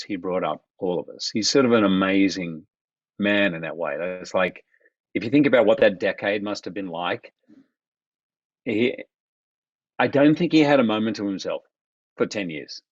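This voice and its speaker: A man, animated as he tells personal stories in a podcast interview. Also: on the low side, a little slow, pauses often, no room sound, highs cut off. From Australia. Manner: animated, acts out quoted voices of others. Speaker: guest. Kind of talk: reflective storytelling in conversation.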